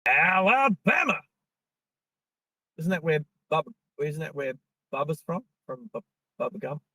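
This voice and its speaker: A man's voice: a little high, normal speed, no echo, low-quality recording. A man hosting a live stream from his car, chatting to viewers in a rambling way as he drives. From Australia. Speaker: live-stream driving host. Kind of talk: casual live-stream chat while driving. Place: inside a car on the road.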